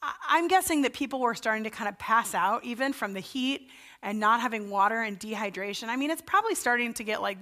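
A woman's voice: a little high, animated, fast talker, bright, forceful tone. A woman pastor giving a sermon in a conversational storytelling way, acting out the voices of the people she describes. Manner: conversational storytelling, acts out the Israelites' panicked voices.

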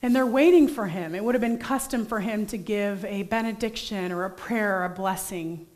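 A young woman preaching a sermon, telling a story from her own family life in a lively, animated way and acting out the voices in it. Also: mid-range voice, moderate pace. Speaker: pastor.

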